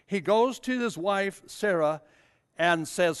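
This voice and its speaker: A man's voice: high voice, slow pace, clear, resonant tone. An older man preaching a sermon, telling a Bible story and rising to fervent emphasis.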